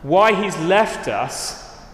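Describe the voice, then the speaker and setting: A man's voice: high voice, expressive, very slow, fairly bright tone, a little hiss or hum. A man preaching a sermon, earnest, often restarting his sentences. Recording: roomy hall reverb.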